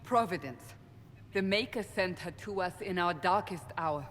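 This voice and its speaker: Brief: woman as resolute game warrior, measured, with faint noise and reverb behind her. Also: on the low side, a bit bright, close to an everyday voice. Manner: firm, formal, measured. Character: resolute female holy warrior. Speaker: church seeker, warrior. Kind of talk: video game voice acting.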